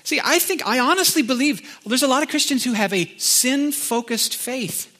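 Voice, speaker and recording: A man's voice: very high voice, expressive, normal speed, bright, forceful tone. A middle-aged man, preaching a conversational sermon and slipping into sung lines. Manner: conversational storytelling with sung snippets. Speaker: pastor.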